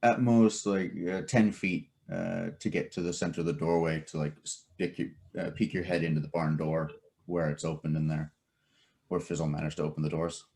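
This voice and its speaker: A man narrating a tabletop game as game master, casual and halting with many fillers. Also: sits low, little pitch movement, mellow.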